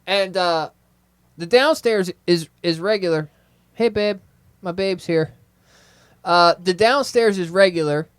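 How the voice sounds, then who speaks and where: A man spins a funny story in a laid-back podcast chat, voicing the people in it as he goes. His voice sits high. The sound is close and dry, with no room around it. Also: unhurried, long pauses, smooth, no echo. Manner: laughing, animated storyteller acting out quotes. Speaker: podcast host.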